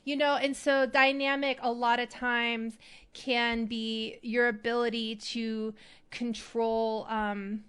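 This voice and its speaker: A woman hosting an acting advice show, talking in a chatty, animated way. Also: fairly high pitch, takes it slowly, clean tone. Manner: chatty, animated, demonstrates voices. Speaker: podcast host.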